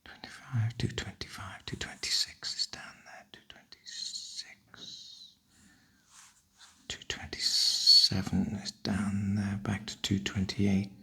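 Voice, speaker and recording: An older man, softly half-whispering a wry, chatty ASMR ramble. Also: lowish voice, level tone, takes it slowly, vocal fry, pauses often, slightly rough. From northern UK. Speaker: ASMR host.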